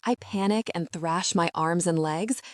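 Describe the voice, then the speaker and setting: A woman narrating a fantasy audiobook in the first person, in a measured, steady way. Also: on the low side, no echo, clean studio sound.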